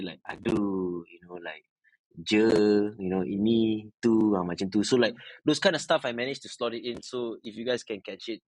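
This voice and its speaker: A man's voice: lowish voice, no room sound, poor audio. A man from Malaysia with a Malaysian English accent, chatting casually as an interview guest and slipping Malay words into his English. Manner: relaxed, mixes in Malay words and "lah".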